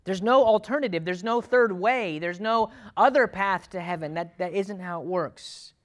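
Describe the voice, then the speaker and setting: A male pastor preaching a sermon to his church, swinging from loud urgent pleading to quiet, low, earnest asides. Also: normal speed.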